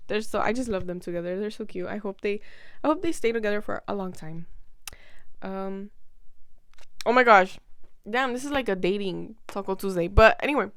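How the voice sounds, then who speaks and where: A woman's voice: medium pitch, clear, resonant tone, dry recording, clean studio sound. A young woman vlogger talking casually to camera, rambling emotionally through a personal story with many fillers and restarts.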